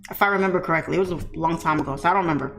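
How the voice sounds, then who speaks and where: A woman telling a story in a casual, animated way, speaking straight to her viewers. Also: fairly low pitch, very fast, gravelly. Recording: echoey room with faint music.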